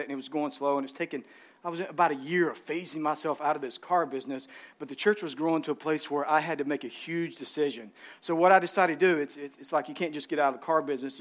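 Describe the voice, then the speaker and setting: A pastor preaching a sermon with passion, repeating words and moving between loud emphasis and quiet storytelling, with speech. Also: male voice, fairly high pitch.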